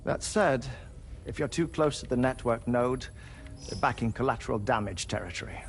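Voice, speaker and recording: A man's voice: mid-range voice, normal speed, gravelly, lightly acted. An actor playing a cautious male officer who gives a serious warning in a video game cutscene. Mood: cautioning. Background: game score music.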